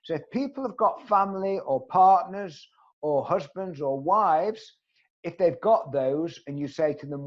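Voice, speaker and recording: A man's voice: on the high side, unhurried, dull audio. Earnest man giving an online networking talk. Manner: earnest, emphatic, asks the audience direct questions. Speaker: networking trainer. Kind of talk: online training presentation.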